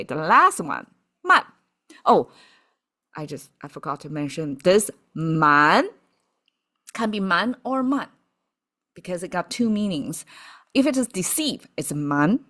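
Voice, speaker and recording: A woman's voice: on the low side, a bit bright. A woman teaching characters in a casual, explanatory way, thinking aloud and often checking in with "okay" and "right". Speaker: Chinese vocabulary teacher.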